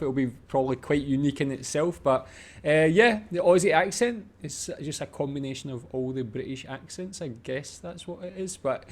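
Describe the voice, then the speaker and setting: A man's voice: medium pitch, a little mellow. A man in his thirties hosting a reaction video, thinking aloud casually and rambling with many fillers.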